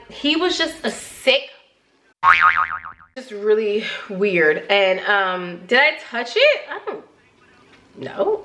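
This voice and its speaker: Blunt New woman telling stories. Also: fairly high pitch. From New Jersey. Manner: blunt, profane, slangy, animated retelling. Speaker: beauty vlogger. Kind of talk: casual storytelling while doing makeup.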